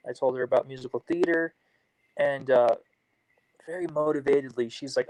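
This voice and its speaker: A man co-hosting a casual chat, relaxed as he tells a story and acts out both sides of a conversation. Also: medium pitch, normal speed, long pauses, no echo, rough recording. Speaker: co-host.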